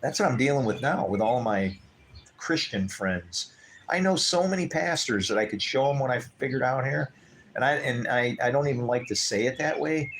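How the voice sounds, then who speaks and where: A man in an easy mid-pitched voice, chatting on his own live stream. He tells stories loosely and acts out the people in them, his voice leaping up when he quotes them. A faint hum sits behind him. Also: expressive, moderate pace, a bit bright. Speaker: livestream host. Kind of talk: casual storytelling chat.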